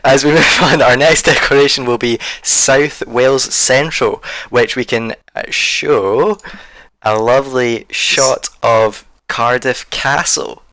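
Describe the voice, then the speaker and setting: A man's voice: medium pitch, fairly even intonation, slow pace, bright, forceful tone, no echo. A man presenting a casual mock election broadcast, reading out results with chatty, laughing asides.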